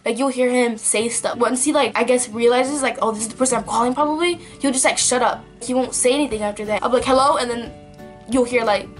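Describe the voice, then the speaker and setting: A woman's voice: a little high, fast talker, faint music behind. A young woman telling a story to her vlog camera in a chatty, filler-heavy way. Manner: chatty, lots of likes and ums. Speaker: vlogger. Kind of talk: casual story time.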